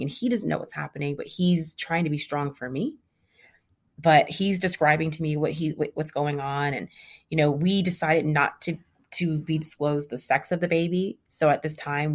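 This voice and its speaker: Low-voiced woman telling her own story. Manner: candid, animated retelling. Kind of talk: personal story.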